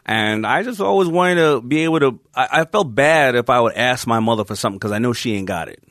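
A man telling stories as a podcast guest, lively and laughing, with casual swearing. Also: mid-range voice, quick pace, dry recording, studio quality. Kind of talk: animated storytelling.

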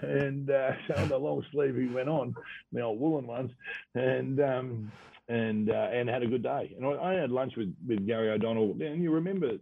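A former footballer from Western Australia, speaking with an Australian accent in a mid-range, gravelly, slightly rough voice at a moderate pace, tells rambling anecdotes and laughs along as an interview guest. The casual storytelling comes through a tinny, phone-like radio sound that is dry, with no echo.

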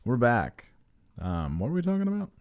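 Male podcast co-host; mellow, relaxed timbre, jokey and a bit crude. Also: mid-range voice, moderate pace, no echo. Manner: joking, profane, rambling. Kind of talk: casual podcast banter.

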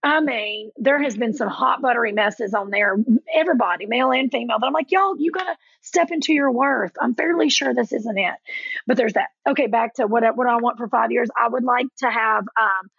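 A woman in her forties in casual chat, telling lively stories and acting out quotes in a higher voice. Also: fairly quick, creaky, husky, no room sound, dull audio. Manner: animated storyteller, acts out quotes with a jump in pitch. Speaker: podcast guest.

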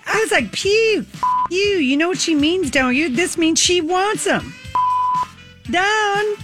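A woman voicing a boy-crazy teenage girl in a put-on American Southern accent, slow and drawling. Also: very high voice, animated, fairly bright tone, soft background music, exaggerated voice. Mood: gushing.

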